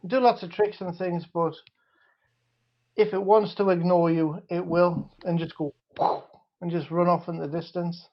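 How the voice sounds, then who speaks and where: A man's voice: high-pitched, little pitch movement, unhurried, pauses often, highs cut off. A man with a Northeast English accent, a guest chatting casually on a livestream with rambling, hesitant speech. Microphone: wireless mic.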